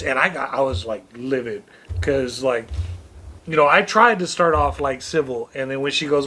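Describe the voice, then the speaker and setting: A man's voice: mid-range voice, moderate pace, sharp tone. A man co-hosting a podcast, telling a story bluntly and casually, with swearing and jokes. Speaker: podcast co-host. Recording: faint background noise.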